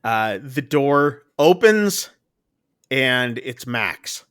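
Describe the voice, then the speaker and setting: Bright-voiced man recapping a film. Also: medium pitch, sing-song, extremely slow, clear, resonant tone. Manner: recaps plot loosely with many fillers and "like". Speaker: podcast co-host. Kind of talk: casual movie review chat.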